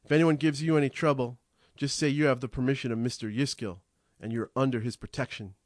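A man voicing the host's easygoing hired man, who talks in a relaxed, colloquial way. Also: mid-range voice, fast talker, no echo, clean studio sound, natural voice. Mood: reassuring. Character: plain-spoken man working for the host.

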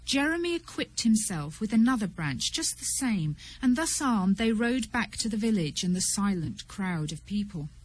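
A woman with a mid-range, slightly rough voice narrates an audiobook in a measured, expressive storytelling style. The audio is poor.

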